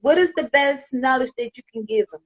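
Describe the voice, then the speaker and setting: Casting: podcast host woman, enthusiastic and admiring, fairly high voice, lo-fi sound. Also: a little fast. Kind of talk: casual interview chat. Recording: dull lo-fi audio.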